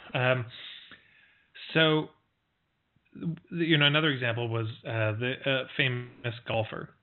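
Speaking slowly with frequent pauses, a man with a medium-pitched voice teaches marketing through stories in a chatty style, with plenty of fillers and restarts. He is a marketing coach, and the sound is thin and phone-like.

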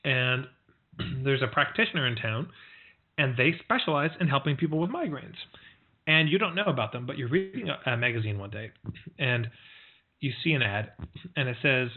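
A man giving a spoken marketing lesson in a conversational way, full of fillers and restarts, telling stories to make his points. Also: mid-range voice. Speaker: marketing coach. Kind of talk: spoken teaching talk with stories. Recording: tinny phone-like audio.

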